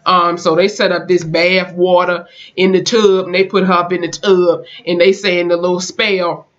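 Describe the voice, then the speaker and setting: A YouTube reviewer retelling a TV episode in a loose, animated way, using plenty of slang and swearing and acting out the characters' lines. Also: medium pitch, normal speed, dull audio. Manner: acts out characters' lines in quotes. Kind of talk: casual episode recap.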